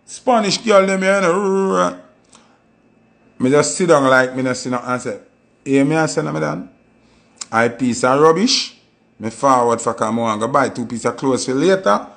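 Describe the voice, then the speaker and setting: A man with a Jamaican Patois accent, telling stories in a casual monologue and acting out quoted voices with sudden high jumps. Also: moderate pace, creaky, a bit bright. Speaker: commentator.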